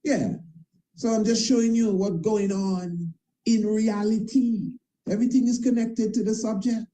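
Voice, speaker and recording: This priest and internet show host speaks in a high but steady, dark-toned voice, taking his time, captured in poor audio. His talk-show monologue is impassioned, emphatic and repetitive, full of informal grammar and tag questions.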